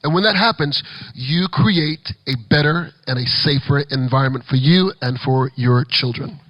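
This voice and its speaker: A man giving an energetic, animated talk to children's ministry leaders as a children's pastor, with playful asides. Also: mid-range voice, normal speed, no echo, dull audio. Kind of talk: conference workshop talk.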